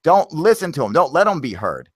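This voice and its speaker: A man's voice: a little high, sing-song, brisk, no room sound. Profane ranting man, dry close sound. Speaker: podcast host. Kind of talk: heated casual talk.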